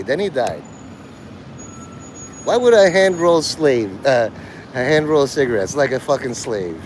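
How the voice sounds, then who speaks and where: A man talking casually on a livestream while walking outdoors, rambling and joking and mimicking others in quick quoted voices. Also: medium pitch, animated, darkish tone, a little hiss or hum.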